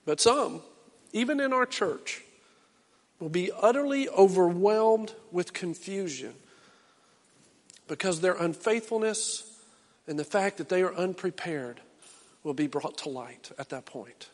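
A middle-aged pastor with a fairly high voice delivers a sermon in a church sanctuary, where a long reverb trails each phrase. He alternates between loud, impassioned calls and low, quiet urging, with lively intonation, a slightly slow pace, and frequent pauses.

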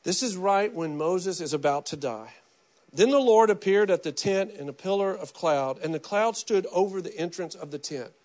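Man, pastor, middle-aged, high voice, animated sermon, conversational, repeats and restarts words. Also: moderate pace. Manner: animated, conversational preaching with quoted asides.

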